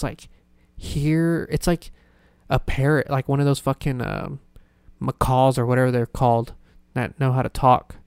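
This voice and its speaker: A man's voice: on the high side, smooth, no echo, clean studio sound. A young man hosting a solo podcast, rambling and self-deprecating with plenty of swearing. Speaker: podcast host. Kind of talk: casual solo podcast rant.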